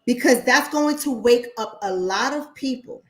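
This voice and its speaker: Hosting an online talk show as a casual livestream, this woman speaks in an unhurried, fairly bright, higher-pitched voice. She's blunt and profane, addresses her viewers directly, and repeats her points to drive them home.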